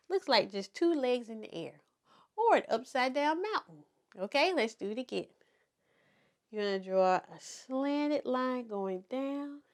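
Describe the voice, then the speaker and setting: A woman teaching toddlers to write letters in a slow, encouraging preschool circle-time manner. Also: on the high side, darkish tone. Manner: slow, sing-song and encouraging, speaking to toddlers. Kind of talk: children's circle-time lesson.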